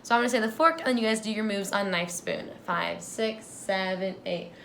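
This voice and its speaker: A young woman teaching a dance tutorial, clear and instructive as she breaks down and counts out moves. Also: a little high, animated, racing, fairly bright tone, slight background noise.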